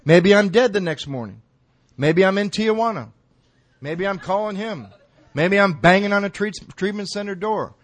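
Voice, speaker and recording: A man's voice: high-pitched, moderate pace. A middle-aged man giving a recovery talk to an audience, telling stories in a colloquial, self-mocking way. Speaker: recovery speaker.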